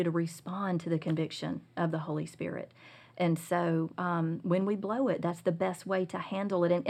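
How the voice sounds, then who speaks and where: Earnest middle-aged woman, lowish voice. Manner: earnest, confessional, animated when retelling. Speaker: guest speaker on Christian parenting. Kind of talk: personal storytelling in conversation.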